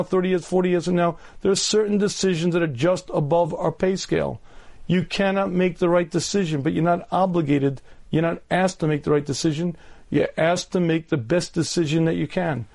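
A middle-aged rabbi lectures earnestly on faith and dating, pausing often to clear his throat. His voice sits high for a man. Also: steady tone, a little mellow. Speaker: rabbi giving a talk.

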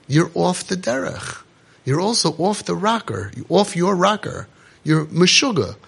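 A man's voice: high-pitched, animated, unhurried, gravelly, a bit bright, breathy edge. A man, delivering an impassioned monologue full of rhetorical questions and Yiddish terms. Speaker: parenting organization speaker.

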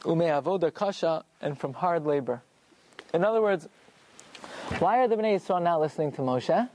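A man's voice: fairly high pitch, expressive, moderate pace, darkish tone, a little hiss or hum. A man teaching a Torah lesson in a classroom, working through rhetorical questions and answering them himself.

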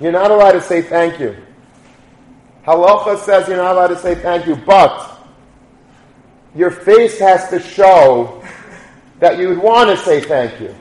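A man voicing an exacting elderly male yeshiva mentor who scolds with emphatic, drawn-out stresses. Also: high voice, darkish tone. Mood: instructive. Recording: echoey room.

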